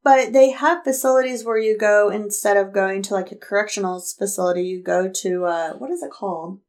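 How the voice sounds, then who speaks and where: A woman co-hosting a podcast in casual chat, chatty and supportive with quick interjections. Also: mid-range voice, fairly even intonation, a little mellow. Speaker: podcast co-host.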